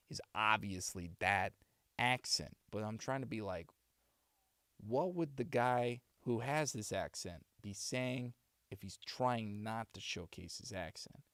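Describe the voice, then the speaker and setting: A man's voice: fairly low pitch, no echo. A young man streaming from his home setup, talking in a practiced Boston accent and rambling with many restarts as he thanks viewers. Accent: Boston, put on for practice. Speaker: streamer and voice actor. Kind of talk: casual chat signing off a livestream.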